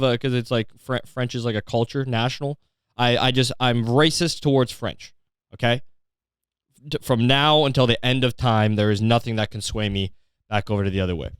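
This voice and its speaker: A man's voice: mid-range voice, a bit bright, clear, resonant tone, no room sound, clean studio sound. A man hosting a comedy podcast, delivering a profane, rambling, mock-outraged monologue. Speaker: podcast host.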